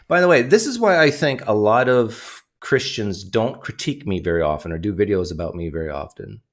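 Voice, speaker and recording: A man's voice: fairly low pitch, animated, a little fast, few pauses. A man hosting a livestream, talking casually and reading donation messages aloud. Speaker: livestream host.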